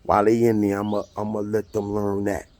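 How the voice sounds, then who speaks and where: A man's voice: on the low side, monotone, brisk, a little mellow. A man, bluntly and profanely retelling a court hearing in a casual monologue. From United States. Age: 50s. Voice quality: gravelly and husky. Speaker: storyteller recounting a court hearing.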